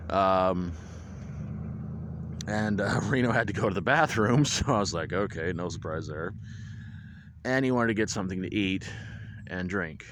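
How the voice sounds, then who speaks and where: Outdoors at a windy stadium, a male vlogger gives his viewers a relaxed rundown of a high school football game. He speaks in a low, expressive voice at normal speed, pausing often, with plenty of restarts and dry little asides.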